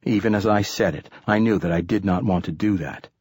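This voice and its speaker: A man reading an adventure novel aloud as an audiobook, in calm, measured storytelling. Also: fairly low pitch, slightly rough, no room sound. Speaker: audiobook narrator. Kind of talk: scripted audiobook narration.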